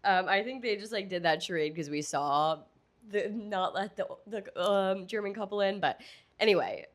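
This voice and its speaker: Woman podcast co-host, lively storyteller who acts out quotes, casual and laughing. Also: medium pitch, moderate pace. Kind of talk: casual chat.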